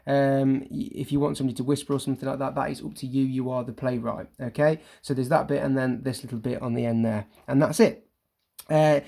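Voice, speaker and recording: Young male teacher with a gravelly edge, talking through a recorded lesson, informal and full of ums. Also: mid-range voice, a little mellow. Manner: hesitant, many ums and self-corrections, chatty and informal. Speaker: primary school teacher.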